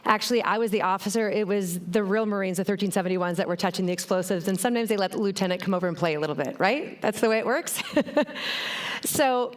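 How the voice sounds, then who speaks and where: A woman's voice: medium pitch, quick pace. A middle-aged woman giving a motivational keynote talk on a conference stage, telling stories and speaking straight to the audience. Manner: animated, storytelling, addresses the audience directly.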